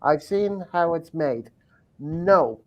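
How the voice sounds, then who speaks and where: A man's voice: fairly high pitch, animated, takes it slowly, muffled recording. A man hosting a casual group video chat, refusing things bluntly and emphatically. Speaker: live chat host.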